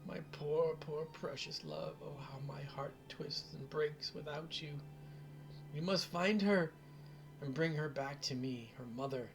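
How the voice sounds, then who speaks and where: A man's voice: on the high side, expressive, moderate pace, music in the background, pitched above the performer's own voice, lightly acted. A man voicing a frail old mother, half-mad with grief, who wails and repeats her words in despair. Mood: grief-stricken.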